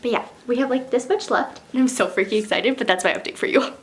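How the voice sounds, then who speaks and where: Woman book vlogger, casual and excitable, heavy swearing, lots of filler words; reads aloud between rants. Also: on the high side, quick pace. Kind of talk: reading aloud and casual commentary.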